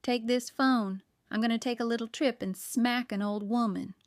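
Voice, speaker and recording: A woman's voice: on the high side, animated, a little slow, no echo, studio quality. A woman voicing a fiery, exasperated baker. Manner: exasperated, theatrical. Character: excitable middle-aged woman baker, fiery and warm-hearted.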